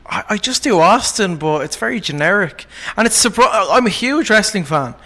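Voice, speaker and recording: A man's voice: sits high, expressive, moderate pace, sharp tone. An Irish man, a guest impressionist, chatting easily in a casual podcast talk. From Ireland.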